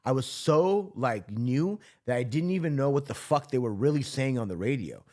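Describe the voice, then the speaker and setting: A man's voice: medium pitch, animated, normal speed, a little mellow. A man from Southern California, a former correctional officer, telling a story in a casual interview, loose and profane, full of filler words.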